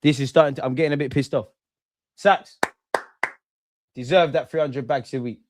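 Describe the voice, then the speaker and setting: A man hosting a live football watchalong, reacting excitedly, swearing and talking to his chat and the players. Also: medium pitch, normal speed.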